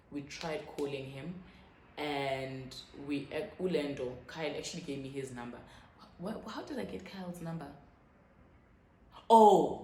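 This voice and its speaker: A low-voiced South African woman in her twenties telling a storytime vlog, lively and quick to swear as she acts out what others said. The room is echoey and a faint hum sits behind her. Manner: animated, swearing, quoting others in quick bursts. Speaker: YouTuber. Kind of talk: casual storytime.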